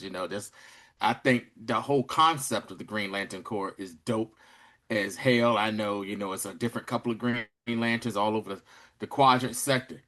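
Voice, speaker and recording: A man co-hosting a podcast, casually recapping a TV episode with slang, laughing and acting out quoted lines. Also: medium pitch. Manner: animated storyteller, acts out quoted lines; slangy, laughs while talking. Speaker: podcast co-host.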